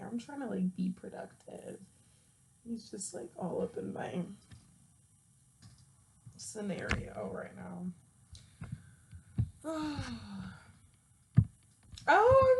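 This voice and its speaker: A woman's voice: fairly high pitch, creaky, slight background noise. A woman chatting casually to her viewers, laughing often and scolding her cat, with frequent swearing. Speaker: vlogger. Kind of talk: casual chat to camera.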